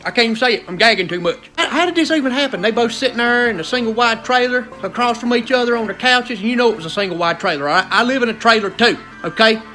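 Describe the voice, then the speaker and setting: A man's voice: very high-pitched, fast talker, few pauses, sharp tone, faint music behind. A male comedian with a South Carolina accent doing a stand-up rant in an exasperated, rowdy drawl.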